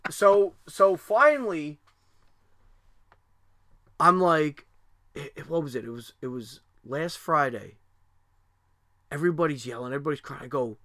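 A man's voice: a little high, lively intonation, a little slow, long pauses, pushed and bright, dry recording, studio quality. A middle-aged man telling a family story in casual chat, rambling with lots of fillers and restarts, and swearing freely.

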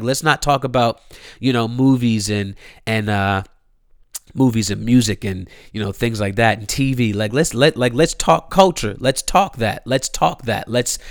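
Recorded at studio quality with no echo, this young host from Columbia, Maryland delivers a casual solo rant full of slang, profanity and repeated phrases. His voice is medium-pitched and a bit bright.

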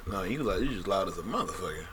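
A man's voice: low voice, lively intonation, fast talker, noisy background. A man hosting a podcast in a casual chat, talking bluntly and profanely with a joking edge, into a studio podcast mic. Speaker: podcast host.

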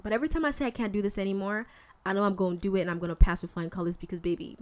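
A woman's voice: mid-range voice, rapid-fire. Candid woman host giving a faith talk. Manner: candid and animated, slangy asides. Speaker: podcast host. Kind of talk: casual faith talk monologue.

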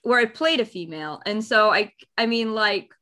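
A woman's voice: medium pitch, moderate pace, bright, forceful tone. A young woman in casual podcast chat, rambling and chatty with laughing asides.

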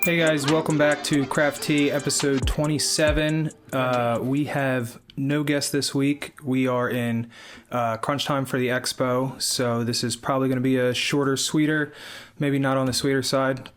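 A man co-hosts a relaxed craft podcast and jokes with his partner. He laughs often and says he is stressed this week. His voice sits at an ordinary middle pitch. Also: a little slow, faint music behind. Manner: joking, laughs often, talks of being stressed. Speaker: podcast co-host. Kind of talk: casual chat.

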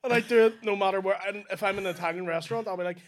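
A man's voice: sits high, steady tone, racing. A man with a Northern Irish accent, a comedian guesting on a podcast, joking and swearing in casual banter. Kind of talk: casual chat.

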